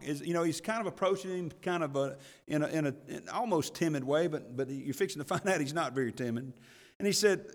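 A man's voice: fairly high pitch, normal speed. Pastor man preaching, folksy, laughs a lot, trips over words, reverby church sound. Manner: folksy, laughs often, repeats words when excited. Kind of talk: sermon.

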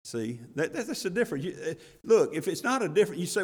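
A man's voice: fairly high pitch, very animated, fairly quick, long reverb tail. A male pastor giving a sermon, talking in a folksy way that builds into emphatic, rising bursts.

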